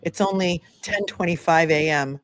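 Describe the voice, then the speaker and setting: A woman's voice: fairly low pitch, normal speed, no room sound, clean studio sound. A woman in her forties hosting a casual livestream, chatting and reading viewer comments aloud. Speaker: legal commentary livestream host.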